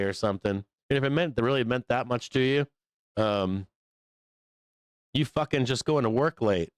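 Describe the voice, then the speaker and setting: A man talking off the cuff on his live show, swearing freely and laughing between thoughts. His voice sits in an ordinary middle pitch. The sound is dry and close, with no room around it. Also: expressive, normal speed, clean tone, no room sound. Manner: profane, rambling, laughs often. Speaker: livestream host. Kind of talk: casual rant on a live show.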